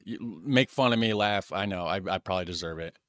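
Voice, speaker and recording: A man's voice: deep voice, a little fast, a bit bright, no room sound, clean studio sound. An American man hosting a reaction video, chatting casually and self-deprecatingly to his viewers. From United States.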